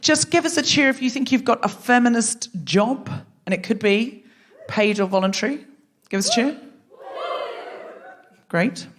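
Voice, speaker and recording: A woman's voice: a little high, moderate pace. A woman hosting a live comedy podcast on a theatre stage, chatty and self-mocking, teasing the audience. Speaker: podcast host.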